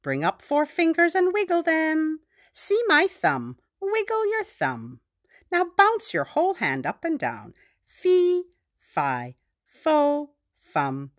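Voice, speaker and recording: A woman leads a children's phonics lesson in a slow, playful sing-song voice. Her pitch sits a little high and leaps up and down with lively swings. Every word is drawn out and exaggerated for little listeners. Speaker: preschool phonics host.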